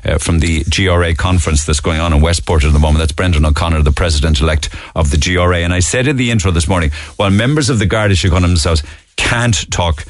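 A man's voice: low voice, fast, dry recording. A man with a Cork Irish accent hosting a morning radio show, chatting through the papers and making asides to listeners. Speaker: radio host.

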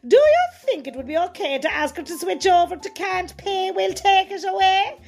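A gossipy countrywoman with a Cork accent who talks bluntly and chattily. Her voice is high, and faint music plays behind her. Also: lively intonation, moderate pace, creaky, heavily acted. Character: gossipy rural Cork woman writing a letter. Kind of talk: comedy sketch acting.

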